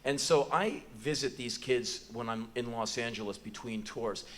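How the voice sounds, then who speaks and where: An American man in his forties telling a profane, animated story as live spoken word on a theater stage, bursting into shouts now and then. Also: mid-range voice, moderate pace. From United States. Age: 40s.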